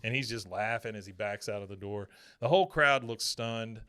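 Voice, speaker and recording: A man hosting a podcast, casually retelling a cartoon episode and slipping into quick character voices. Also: on the low side, a crowd in the background. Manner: acts out characters' lines in quick impressions. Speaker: podcast host. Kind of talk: casual chat, recapping an episode.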